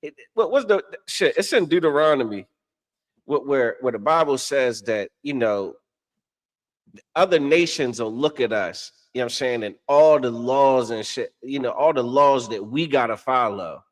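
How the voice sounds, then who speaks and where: A man's voice: medium pitch, expressive, normal speed. A man co-hosting a casual religious discussion, teaching in a preachy way, often asking "you understand?" and laughing at his own stories. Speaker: podcast co-host and religious teacher.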